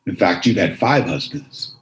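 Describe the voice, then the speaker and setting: A man doing a low, hushed knowing man. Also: expressive, echoey room. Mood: calm. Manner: low, slow and quiet. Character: calm, knowing man speaking gently.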